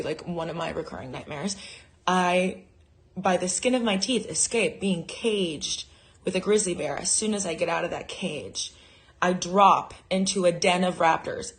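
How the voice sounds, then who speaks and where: Woman, lowish voice, stand-up comic and show host, dry self-mocking delivery. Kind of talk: stand-up monologue.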